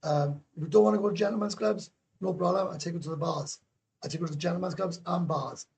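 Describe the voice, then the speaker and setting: A man calling into a livestream, telling stories in a rambling, excitable way with plenty of swearing and tag questions. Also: high voice, fast, vocal fry. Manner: keeps adding tag questions. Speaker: guest YouTuber calling into a livestream. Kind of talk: casual livestream chat.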